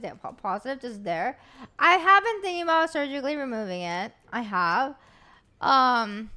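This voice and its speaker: A woman's voice: high-pitched, bright, forceful tone. A woman streamer in casual livestream chat who talks straight to her chat in a chatty, giggly way.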